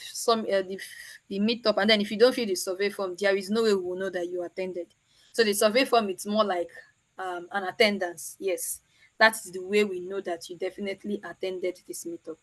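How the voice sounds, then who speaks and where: A woman's voice: medium pitch, fairly bright tone. A Nigerian woman hosting an online meetup over a video call, chatty and teasing. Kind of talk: casual chat.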